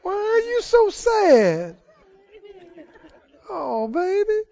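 Coaxing queen, sweet-talking and high, a man doing the voice, dull lo-fi recording. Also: wildly swooping pitch, extremely slow, gravelly, mellow, a faint crowd, heavily acted. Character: coaxing, doting queen, adult woman.

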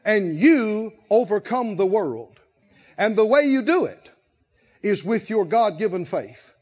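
A man preaching a sermon as pastor, shifting from soft talk to loud, shouted exhortation with laughs. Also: high voice, lively intonation, takes it slowly, muffled recording.

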